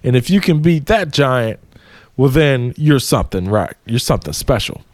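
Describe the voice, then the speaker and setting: A man's voice: medium pitch, very animated, moderate pace, darkish tone, dry recording, clean studio sound, natural voice. A man voicing a boastful giant king who teases his guest in a cocky, profane way. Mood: scheming.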